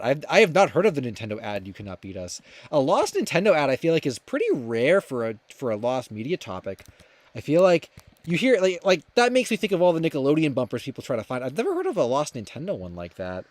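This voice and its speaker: A man's voice: on the high side, huge pitch swings, fairly quick, no echo. A young man hosting a livestream, chatting casually and reading viewer comments aloud, rambling with many fillers and restarts. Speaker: livestream host.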